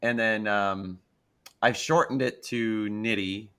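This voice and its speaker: A man's voice: fairly low pitch, fairly even intonation, takes it slowly, pushed and bright, smooth. A man chatting casually as a guest YouTuber, joking and rambling. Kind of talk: casual chat.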